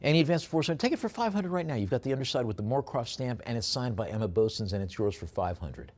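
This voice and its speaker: A man's voice: medium pitch, lively intonation, racing, a little mellow. Man, auctioneer, live auction calling, hesitant fillers, joking asides. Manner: chatty, with joking asides between lots; hesitant, many fillers while describing items.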